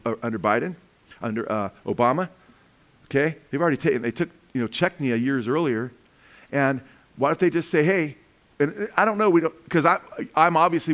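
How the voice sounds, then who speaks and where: Man preaching, rambling and animated. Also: mid-range voice. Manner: rambling, animated, frequent restarts. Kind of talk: sermon with commentary.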